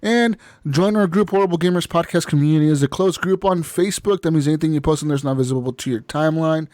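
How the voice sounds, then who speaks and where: A man's voice: fairly high pitch, fast talker, darkish tone, no room sound. A man hosting a casual gaming podcast, loose and laughing, swearing now and then. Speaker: podcast host.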